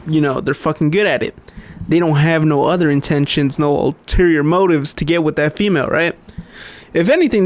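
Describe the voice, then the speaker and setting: A young man co-hosting a podcast, telling a long story in casual chat, swearing constantly and laughing often. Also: fairly high pitch. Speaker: podcast co-host.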